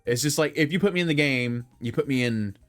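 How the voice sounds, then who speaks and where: A man's voice: mid-range voice, fairly quick, faint music behind. A young man rambling through casual opinions on video games, full of fillers and self-corrections. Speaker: gaming commentator.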